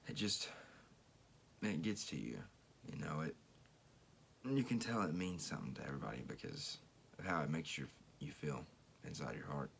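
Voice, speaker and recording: A man's voice: a bass voice, expressive, moderate pace, creaky, fairly bright tone, slight background noise. A young man giving a reflective tribute to his father, searching for words as he speaks. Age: young adult. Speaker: senior athlete thanking his father. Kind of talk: emotional tribute speech.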